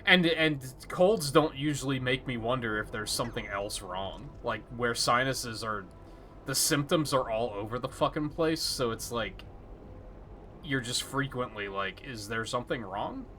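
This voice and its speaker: Bright-voiced man rambling while gaming. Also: mid-range voice, unhurried, a little hiss or hum. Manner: rambling, thinking aloud while playing. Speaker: game streamer. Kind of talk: casual live gameplay commentary.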